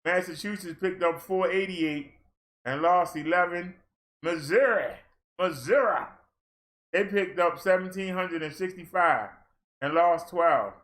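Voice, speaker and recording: A fitness streamer from Maryland, USA, reads a long list of daily figures on a casual livestream, breaking in with playful asides and exclamations. His voice is high and fairly bright, and his pace is measured.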